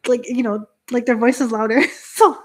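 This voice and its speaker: Young woman, fairly high voice, giggly, rambling live-stream chat, lots of fillers, reads viewer comments aloud. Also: steady tone, moderate pace, a little mellow. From Canada. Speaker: Shinto priestess hosting a live stream.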